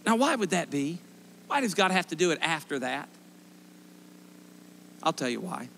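A man in his forties, a pastor preaching a sermon, telling stories emphatically and rising to loud impassioned pleas. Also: a little high, sing-song, moderate pace, gravelly, a little hiss or hum. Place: church sanctuary.

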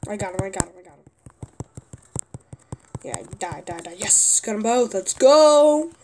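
A young woman commenting on her own gameplay, often exasperated and yelling at a teammate. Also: mid-range voice, expressive, a little slow, background noise. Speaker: gaming youtuber.

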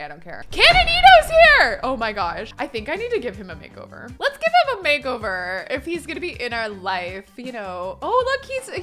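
Young woman, gaming commentary, gushy and chatty, lively swooping pitch, slightly high voice. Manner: bubbly, gushing, chatty. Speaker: gaming YouTuber. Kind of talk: Let's Play commentary.

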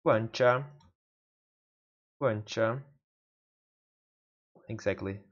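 Portuguese-native man, very slow, repetitive self-study drills; dull lo-fi home recording. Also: lowish voice. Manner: repeats words aloud over and over, mutters to himself. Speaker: language learner. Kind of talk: casual self-study practice.

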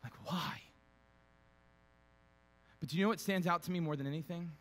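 A man preaching a sermon as a pastor, shifting from quiet conversational storytelling with fillers to loud, emphatic preaching. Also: on the high side, moderate pace. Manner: conversational, with fillers and repeated words. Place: church sanctuary.

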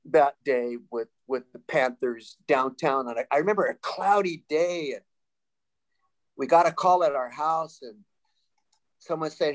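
A man in his sixties from Sacramento, California, telling lively stories as a panel guest, laughing and restarting often. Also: fairly high pitch, unhurried, rough recording. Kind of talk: casual storytelling.

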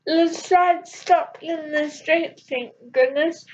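A young woman reads her fan story aloud in a slow, deliberate way, restarting phrases as she goes. Her voice sits high. The recording is dull and lo-fi. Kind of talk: reading fan fiction aloud.

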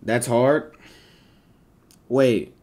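Male streamer, casual live chat, heavy slang and cursing, middle-pitched voice. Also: fairly even intonation, drawn-out words, a little mellow. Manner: slangy, swearing, rambling talk to chat. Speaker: livestreamer.

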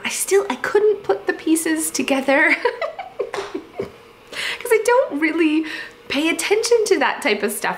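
Lady vlogging about organizing, rambly and giggly, lots of ums, bit of faint noise behind. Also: medium pitch. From Canada. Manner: chatty, rambling, giggly, with many fillers. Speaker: home organizing YouTuber. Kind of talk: casual storytelling vlog.

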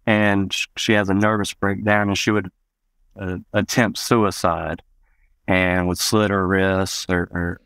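A man's voice: sits low, little pitch movement, a little slow, fairly bright tone, clear, resonant tone, no echo. A man from Arkansas, telling personal memories as an interview guest, rambling with many "you know" asides.

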